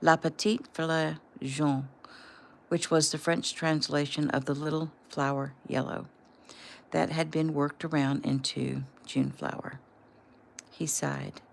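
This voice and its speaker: A woman casually reading aloud from her own novel, relaxed and unpolished, with the odd slip. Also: low-pitched, unhurried, gravelly, a little hiss or hum. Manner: relaxed and unpolished, with small slips.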